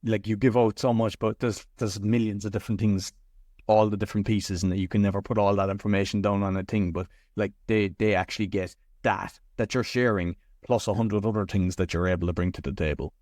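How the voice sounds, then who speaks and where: A man's voice: lowish voice, fairly even intonation, fairly quick, darkish tone, dry recording, clean studio sound. A man hosting a podcast, speaking in a friendly, encouraging way and praising his guest. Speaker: podcast host. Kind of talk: podcast interview chat.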